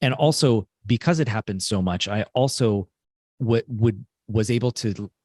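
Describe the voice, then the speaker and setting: A man co-hosting a podcast, sharing experiences in a measured, halting way. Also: lowish voice, darkish tone, no echo, clean studio sound. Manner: measured, halting, frequent affirming murmurs. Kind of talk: reflective podcast conversation.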